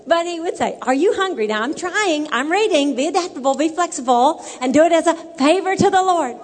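A woman's voice: extremely high pitch, lively intonation, a little fast, big-room sound, slight background noise. A woman telling a humorous marriage story in a sermon, acting out dialogue and laughing often. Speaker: married couple speaker.

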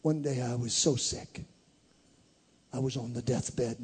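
A man preaching, voicing a gentle elderly grandmother who tells her grandchildren a story in a soft, tender way. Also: mid-range voice, fairly even intonation, a little slow, husky.

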